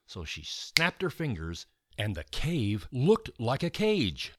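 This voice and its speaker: A man reading a children's chapter book aloud with an expressive, animated delivery. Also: medium pitch, takes it slowly, no room sound, clean studio sound. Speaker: storyteller.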